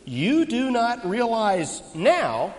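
A man preaching voices Jesus as a gentle, patient teacher, speaking slowly and softly. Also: very high voice, huge pitch swings, big-room sound, voice pushed up, full character voice. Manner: slow, soft, measured.

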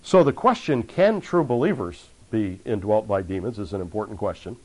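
A man preaching at a conference seminar, earnest and measured, with frequent fillers between phrases. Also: on the low side, expressive, a little mellow. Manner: earnest, reads accounts aloud with rising intensity. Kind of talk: conference sermon lecture.

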